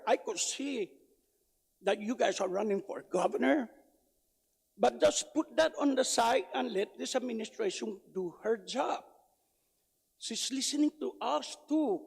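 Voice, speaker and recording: A man giving loud, emphatic public testimony at a legislative hearing. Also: very high voice, vocal fry, husky. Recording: reverberant hearing room.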